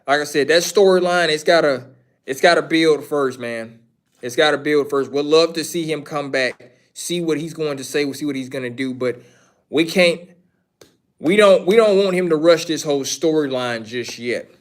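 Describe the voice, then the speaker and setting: A man's voice: a little high, normal speed. Rambling, opinionated man on a livestream. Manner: rambling, opinionated, repeats himself. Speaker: livestream host answering chat. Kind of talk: casual wrestling commentary.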